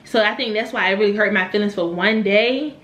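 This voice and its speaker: A young woman from Virginia vlogging a casual story, animated, swearing and laughing as she talks. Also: mid-range voice, fairly quick. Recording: echoey room.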